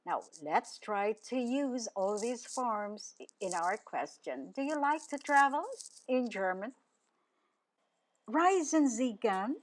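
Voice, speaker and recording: A woman's voice: a little high, animated, takes it slowly, a little hiss or hum. A woman teaching a radio language lesson, spelling out each word letter by letter and repeating it.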